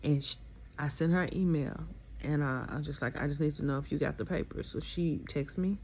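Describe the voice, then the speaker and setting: A woman's voice: deep voice, a little fast, a little mellow, a little hiss or hum. A woman candidly telling her own divorce story in casual, aggrieved storytelling. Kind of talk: emotional personal storytelling.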